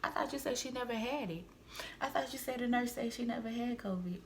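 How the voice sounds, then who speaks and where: A young woman vlogger and single mother, venting a family story to her viewers in a heated, animated way with frequent asides. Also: a little high, brisk, creaky, noisy background. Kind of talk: storytime vlog, venting to camera.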